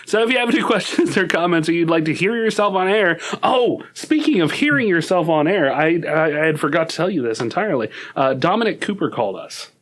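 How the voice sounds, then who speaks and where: Podcast guy, bit high-pitched, giggly, lots of uh and um. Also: animated, brisk, hardly any pauses, a bit bright. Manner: giggly, hesitant, lots of fillers and restarts. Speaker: podcast co-host. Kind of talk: casual chat.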